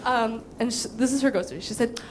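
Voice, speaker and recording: A woman's voice: fairly high pitch, fast talker, background noise. A young woman doing stand-up, telling a story with casual swearing and frequent giggles. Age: young adult. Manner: giggly, breaks into laughter. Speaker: comedian.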